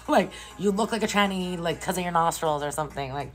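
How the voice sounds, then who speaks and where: A woman live streaming from a hotel room, ranting casually and profanely to her viewers in an incredulous, animated way. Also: fairly low pitch, brisk, music in the background. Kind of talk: casual chat.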